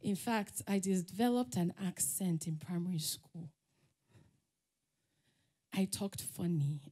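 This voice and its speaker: Slow and dark-toned, her lowish voice carries a Nigerian accent as she speaks on a summit stage. This conference speaker shares personal stories, laughs frequently, and performs the voices of the people she quotes.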